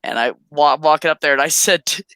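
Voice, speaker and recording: A woman in casual conversation, talking bluntly and with energy. Her voice is bright and forceful, and the recording is dry with little room sound. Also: sits low, quick pace, clear, resonant tone, no room sound. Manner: blunt, animated storytelling with swearing. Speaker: host. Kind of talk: casual chat.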